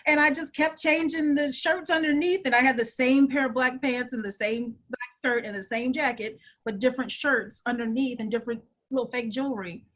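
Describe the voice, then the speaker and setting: A middle-aged woman with a husky, fairly high voice tells her story in a lively interview. She acts out the people she quotes and keeps the flow conversational. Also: a little fast, few pauses. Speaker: guest.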